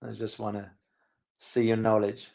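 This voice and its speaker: A man's voice: lowish voice, completely flat delivery, normal speed, creaky, mellow. Emphatic man hosting a live stream. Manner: emphatic, repeats words for stress, many hesitations. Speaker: channel host and geopolitical commentator. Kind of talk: casual live-stream commentary to viewers.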